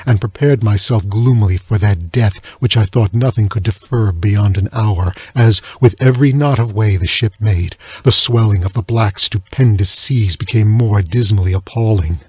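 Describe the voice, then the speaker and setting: A man reads a classic tale as an audiobook narrator, keeping a measured, somber delivery. His voice is husky with a breathy edge. The recording is dry and close, with no room sound. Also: a little mellow, no echo. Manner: measured, low, somber reading. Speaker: audiobook reader.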